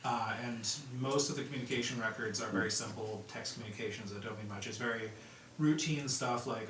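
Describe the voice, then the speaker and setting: A man running a tabletop game as game master, narrating in a relaxed way with plenty of ums and likes. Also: lowish voice, brisk. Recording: echoey room from far off with background noise.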